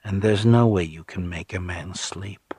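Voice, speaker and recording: Man doing a soothing, insistent persuader, gentle yet cold, soft-spoken, husky low voice, dry close sound. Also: a little slow, dry recording, exaggerated voice. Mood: coaxing. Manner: soothing, insistent, dropping to a hush. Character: calm, persuasive middle-aged man, coldly gentle.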